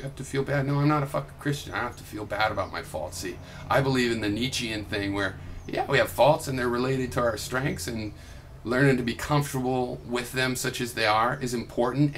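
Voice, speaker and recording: A man's voice: medium pitch, fairly even intonation, brisk, slight background noise. A young adult man recording a heated reply vlog, ranting in a combative, sarcastic and profane way. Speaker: video blogger.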